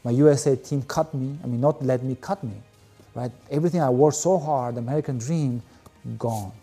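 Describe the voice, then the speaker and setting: Dark-voiced man, candid and rambling. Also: mid-range voice, fairly quick, slightly rough, faint music behind. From Albania. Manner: candid and rambling, heavy fillers. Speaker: guest, volleyball player. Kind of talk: emotional personal storytelling.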